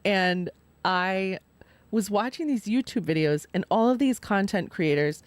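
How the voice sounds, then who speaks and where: A woman's voice: medium pitch, expressive, measured pace, dry recording. A woman hosting a live stream, chatting casually and laughing often as she tells stories. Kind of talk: casual chat.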